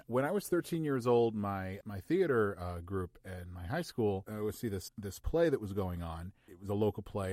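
A deep-voiced man tells stories in a lively way, laughing now and then. The recording is dry and close. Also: no room sound. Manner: animated storytelling, laughing. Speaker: voice actor. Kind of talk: podcast interview.

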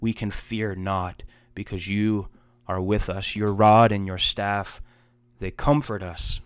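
A man's voice: fairly low pitch, flat delivery, slow pace, clean tone, dry recording. A man preaching a heartfelt sermon as a pastor, earnest and emotional, building emphasis through repeated phrases.

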